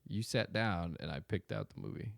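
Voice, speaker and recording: A man's voice: lowish voice, moderate pace, vocal fry, dry recording. A man co-hosting a casual podcast chat, teasing his partner with dry humor and laughing often. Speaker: podcast co-host. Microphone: studio microphone.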